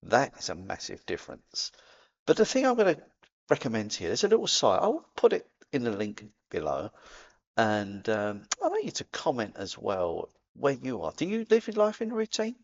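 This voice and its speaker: A man's voice: medium pitch, huge pitch swings, normal speed, vocal fry, muffled recording. A man with a Cockney accent talking casually to camera as a spiritual vlogger, chatty and playful, dropping in sound effects. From England.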